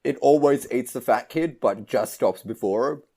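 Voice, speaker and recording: A man's voice: mid-range voice, normal speed, vocal fry. Laughing male podcast co-host. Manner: laughing, animated retelling of scenes. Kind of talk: casual movie review chat.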